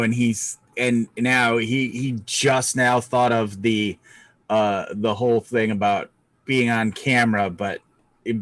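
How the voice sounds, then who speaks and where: Slow, halting man playing a tabletop game. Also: mid-range voice, a bit bright, no echo, poor audio. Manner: halting, many restarts. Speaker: player. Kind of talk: describing his character's actions in a tabletop game.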